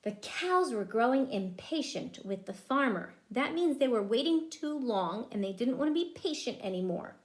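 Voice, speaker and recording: A woman teaching preschool, reading a picture book aloud to young children in an animated way and asking them questions as she goes. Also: a little high, normal speed, few pauses, echoey room.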